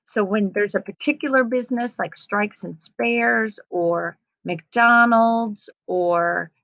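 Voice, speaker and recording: A woman teacher gently talking young students through editing her writing, reading aloud patiently. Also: medium pitch, takes it slowly, no echo. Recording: slightly dull lo-fi sound.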